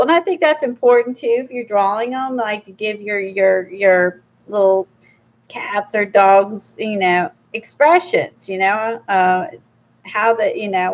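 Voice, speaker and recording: A woman's voice: mid-range voice, dull audio. A middle-aged woman hosting a casual vlog, chatty and rambling with many fillers and small laughs. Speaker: art channel host. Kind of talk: casual book review vlog.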